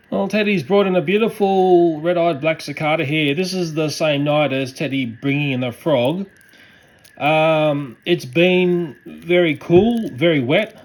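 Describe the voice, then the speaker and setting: A man's voice: on the high side, low-quality recording. A man, chatting casually to his camera and his cats as he carries garden creatures back outside. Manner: chatty, fond running commentary to animals and camera. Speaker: pet owner filming his cats. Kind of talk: casual vlog commentary. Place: backyard garden at night. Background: faint night ambience with frogs and crickets.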